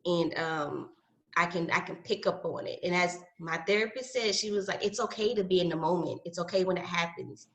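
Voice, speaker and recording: A woman's voice: on the low side, a little fast, a bit bright. Chatty woman in a roomy echo. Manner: rambling, lots of fillers. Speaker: mom and educator in panel talk. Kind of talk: casual group conversation.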